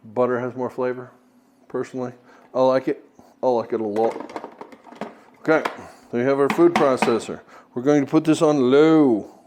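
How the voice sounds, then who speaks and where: A man's voice: medium pitch, steady tone, moderate pace, pauses often, noisy background. Jokey man teaching home baking. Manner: jokey, chatty, self-deprecating asides. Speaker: cooking video host. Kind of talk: casual cooking tutorial. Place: home kitchen.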